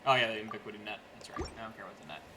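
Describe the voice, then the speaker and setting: A man's voice: lowish voice, expressive, rapid-fire, very noisy. A young man streaming a video game at home, chatting casually and joking, laughing often and mimicking the characters. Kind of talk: casual livestream commentary.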